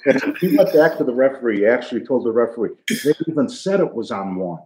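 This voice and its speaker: A man's voice: mid-range voice, very animated, quick pace, a little mellow, roomy sound, rough recording. An older man telling funny stories from his playing days in a casual, laughing way. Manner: jokey, laughing storyteller. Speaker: guest, retired football player. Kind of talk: casual storytelling.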